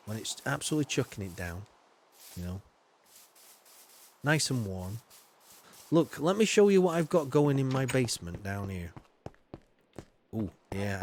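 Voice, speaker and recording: A man's voice: fairly low pitch, a little hiss or hum. A man streaming a game live, chatting loosely with viewers, greeting them by name and filling his talk with ums and you-knows. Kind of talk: live gameplay commentary.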